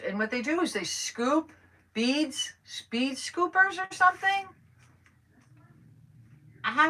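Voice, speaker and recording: A woman with a medium-pitched, sharp-toned voice works on a craft project live, rambling casually and saying hello to viewers by name. She's somewhat distant from the mic, with faint background noise.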